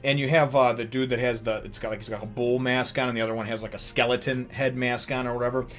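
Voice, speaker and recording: A man hosting a chatty comic review vlog at a mid-range pitch for a man. He rambles through the recap with plenty of fillers and restarts, breaking into laughs as he goes. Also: level tone, fast talker, soft background music. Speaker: host of a manga review channel. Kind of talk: casual chapter review vlog.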